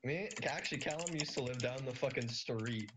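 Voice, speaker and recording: A man's voice: medium pitch, normal speed, noisy background. Swearing young man on gaming chat. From Canada. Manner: swears a lot, loud bursts of laughter. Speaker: gamer on voice chat.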